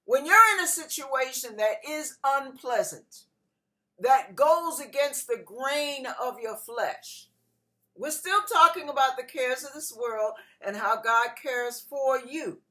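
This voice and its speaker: A middle-aged woman pastor preaching a sermon, telling a personal story with animated delivery and acting out other people's voices. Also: high-pitched, takes it slowly.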